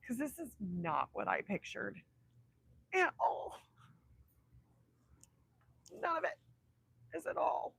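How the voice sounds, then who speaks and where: A woman's voice: a little high, big pitch swings, slow pace, vocal fry, long pauses, fairly bright tone, slightly rough, low-quality recording. A woman in her thirties hosting a casual livestream chat with viewers, heartfelt and emotional, often dropping to a whisper. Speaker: livestream host.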